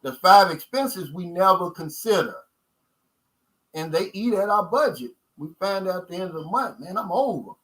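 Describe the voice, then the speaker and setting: A Kentucky man from the United States hosts a casual livestream chat in a high, slightly bright voice at normal speed, though the audio is poor. He's emphatic and folksy, repeating his key points and calling his viewers "guys."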